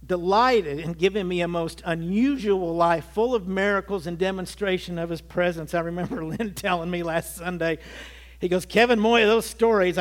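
A man in his early sixties preaching a sermon, giving an earnest personal testimony that builds to emphatic peaks. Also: high-pitched. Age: 60s. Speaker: pastor.

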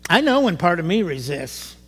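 A middle-aged man preaching a sermon to his church, animated, rising to emphatic bursts. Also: high-pitched, normal speed, husky. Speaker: pastor. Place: church sanctuary. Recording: long hall reverb.

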